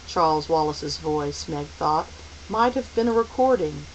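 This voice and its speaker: A woman narrating a novel aloud as an audiobook reader, steady and unhurried. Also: sits low, dull audio, slight background noise. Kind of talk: storybook narration.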